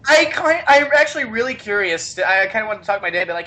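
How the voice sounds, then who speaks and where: A man co-hosts a casual podcast and tells long, rambling stories. His voice is bright and ringing, and he keeps stopping to restart his sentences. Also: high voice, rapid-fire, few pauses. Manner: rambling, animated, many restarts. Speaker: podcast co-host. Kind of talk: casual chat, storytelling.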